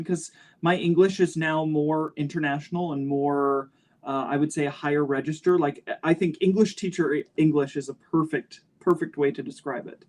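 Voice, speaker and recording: A man talks on a panel discussion. His delivery is clear, crisp and measured, each word set down carefully. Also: a little high.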